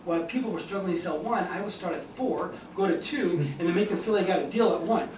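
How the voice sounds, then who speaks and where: A man giving a lively sales seminar talk to an audience, acting out phone calls with enthusiasm. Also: high voice, fast, background noise. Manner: enthusiastic, animated, acts out both sides of calls. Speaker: real estate agent giving a sales talk. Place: meeting room in front of an audience. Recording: echoey room, mic from a distance.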